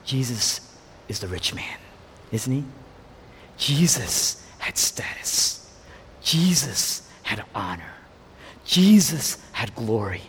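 A man preaching a sermon, swinging between loud exclamations and hushed whispers, asking his listeners rhetorical questions. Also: fairly high pitch, slightly rough. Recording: long hall reverb.

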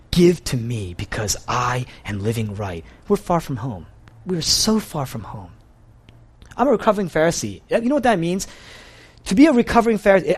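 A man with a somewhat high voice gives a sermon in an easy, conversational way. He sounds earnest and confessional, and he often restarts his sentences and fills pauses with "you know". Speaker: pastor.

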